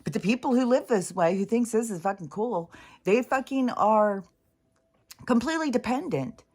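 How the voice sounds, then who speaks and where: A woman's voice: fairly high pitch, expressive, moderate pace, darkish tone, slightly rough. A woman vlogger in an exasperated, profane ranting monologue, swearing often and mocking other people's voices.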